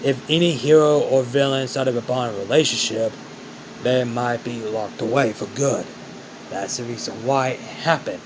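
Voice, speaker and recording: A man's voice: mid-range voice, moderate pace, background noise, natural voice. A man voicing a stern villain mentor who mocks and scolds his former apprentice, calling him kiddo. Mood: scolding. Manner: mocking, scolding, calls the boy kiddo.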